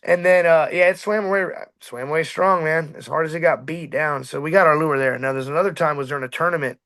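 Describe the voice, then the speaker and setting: A middle-aged boat captain with a high, bright-pitched voice spins fishing tales in easy, casual talk. He jumps into shouted quotes and plays every part of the story himself. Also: fast talker. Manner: animated, acts out shouts and quotes.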